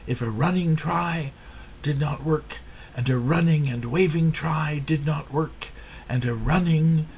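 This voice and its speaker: A man's voice: fairly high pitch, a little hiss or hum, voice pushed up. Frog, a patient cheerful frog, read by a man. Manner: encouraging, calmly persuasive. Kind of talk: storybook read-aloud.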